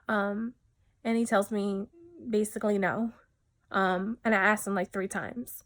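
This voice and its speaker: Halting, soft-spoken woman giving testimony. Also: mid-range voice, level tone. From New Jersey, USA. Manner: halting, many fillers and restarts, often drops soft. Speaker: widow giving a personal testimony. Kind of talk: personal testimony.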